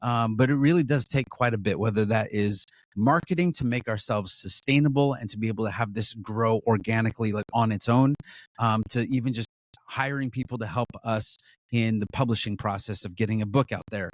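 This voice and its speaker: Man, earnest, halting restarts, casual chat, dry close recording. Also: lowish voice, dry recording. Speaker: ministry co-leader.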